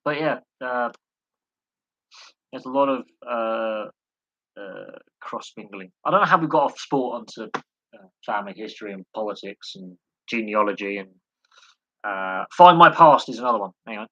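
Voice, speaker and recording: A man's voice: lowish voice, expressive, normal speed, long pauses, pushed and bright, no echo, highs cut off. A man hosting a casual live Q&A stream, rambling through tangents and poking fun at himself. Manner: self-mocking, chuckles at himself. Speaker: live stream host answering chat.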